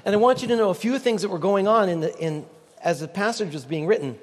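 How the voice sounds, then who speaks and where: A man's voice: high-pitched, fast. A man preaching a sermon as pastor, conversational and joking with the congregation. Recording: long reverb of a large hall.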